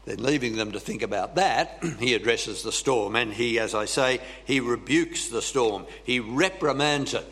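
A man preaching a sermon slowly and deliberately, pausing for emphasis and clearing his throat often. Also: medium pitch, a bit bright. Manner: slow, deliberate preaching with dramatic pauses.

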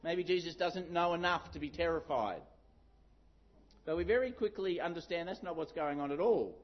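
A middle-aged man preaching a sermon, telling a story with lively acted-out shouts. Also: on the high side, normal speed. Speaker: pastor. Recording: dull lo-fi sound.

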